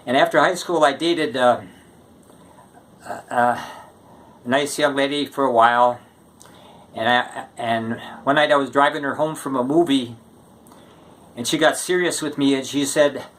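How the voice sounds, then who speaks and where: A man telling a string of short jokes in a casual, unhurried way, stretching the setups with pauses. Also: medium pitch, fairly bright tone. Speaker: joke teller.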